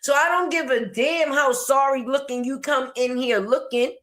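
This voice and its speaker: A woman online commentator, her voice high and a bit bright, takes an unhurried pace. Her commentary is a sassy, slangy rant that mocks its subject and talks back to them.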